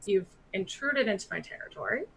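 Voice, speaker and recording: A woman voicing a tall, proud drow noblewoman in a tabletop game, speaking in a measured, formal way. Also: mid-range voice, animated, gravelly, a bit bright, husky, exaggerated voice, rough recording. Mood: cool.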